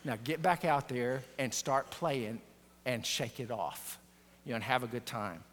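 A man speaking as a gruff father who curtly tells his crying little boy to shake it off, heard with long hall reverb. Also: mid-range voice, a little slow, a bit bright, slight background noise, pitched below the performer's own voice. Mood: gruff, impatient. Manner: curt, scolding, brushing off hurt.

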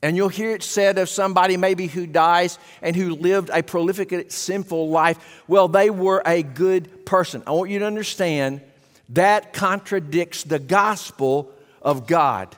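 Male preacher, high voice, emphatic sermon delivery with rhetorical questions, long church reverb. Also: measured pace, a bit bright. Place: church sanctuary.

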